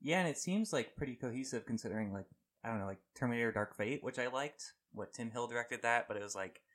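A man hosting a film podcast in casual chat, talking in quick, self-correcting asides. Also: medium pitch, fairly bright tone. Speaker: podcast host.

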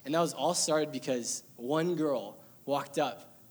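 A man's voice: mid-range voice, a little slow. Young man giving an earnest testimony. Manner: earnest, emotional storytelling with light laughter. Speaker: church member sharing testimony. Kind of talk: personal testimony to a congregation.

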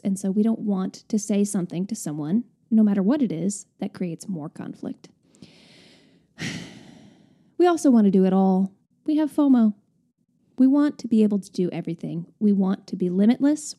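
Mellow-voiced woman co-hosting a chat. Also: mid-range voice. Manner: chatty and expressive, with laughs and sighs. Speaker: podcast co-host. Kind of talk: casual advice chat.

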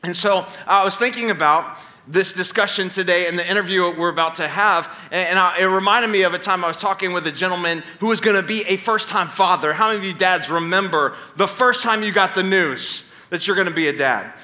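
Man preaching, high and bright voice, animated storytelling, playful asides to the crowd. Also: a little fast, few pauses. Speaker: pastor. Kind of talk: sermon. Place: church stage before a congregation.

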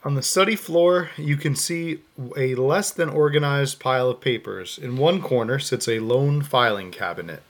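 A man's voice: mid-range voice, moderate pace, few pauses. A man co-hosting a podcast, playing a text adventure and reading its game text aloud with amused asides. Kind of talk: casual play-through with read-aloud game text.

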